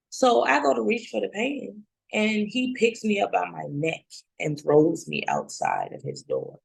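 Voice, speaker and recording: A woman in her thirties recounts her own experience with raw candor and a gravelly edge to her voice. She swears without hesitation and slips into the voices of both herself and others as she relives each moment. Her pitch sits in an ordinary middle range. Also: very animated, normal speed, no room sound, poor audio. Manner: candid, blunt, swears freely; relives scenes by acting out both sides. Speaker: guest sharing her story. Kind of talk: personal testimony in casual talk.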